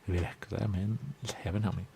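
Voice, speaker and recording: A man's voice: sits low, little pitch movement, a little fast, vocal fry, noisy background. A man hosting a radio talk show, bantering in a rambling, playful way full of repeated wordplay. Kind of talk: loose comedic studio banter. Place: radio studio.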